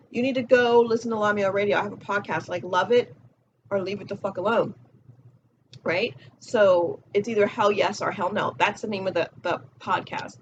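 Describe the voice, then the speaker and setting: A woman's voice: medium pitch, moderate pace, dull audio, slight background noise. A woman giving a casual motivational talk as a spiritual coach, blunt and profane, repeating her key phrases.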